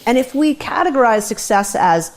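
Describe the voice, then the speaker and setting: A woman's voice: a little high, expressive, normal speed. A woman interviewing a guest in casual chat, framing long, thoughtful questions.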